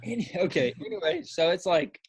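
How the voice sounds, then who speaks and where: A man co-hosting a podcast, chatting casually and excitedly, rambling with lots of filler and acting out his own reactions. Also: sits high, brisk, husky. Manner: repeats filler words. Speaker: podcast co-host. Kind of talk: casual chat.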